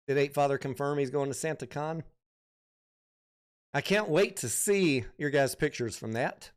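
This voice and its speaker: Smooth-voiced man hosting a market livestream. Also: a little high, expressive, moderate pace. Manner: chatty, reads viewer comments aloud, thinks out loud. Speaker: stock market livestream host. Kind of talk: casual livestream commentary.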